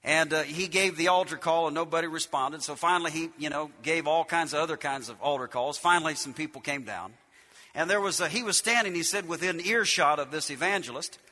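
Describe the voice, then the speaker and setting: Male preacher, high and piercing, emphatic and repetitive, long hall reverb. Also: brisk. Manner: emphatic, repetitive, shouts key lines, drops low to tell stories. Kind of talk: sermon.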